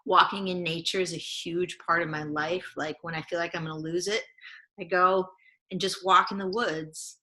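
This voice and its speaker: Woman, podcast guest, bright clear tone, earnest, reflective, acts out inner voices. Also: lowish voice, steady tone, normal speed. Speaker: podcast guest, lifestyle coach. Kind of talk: conversational interview.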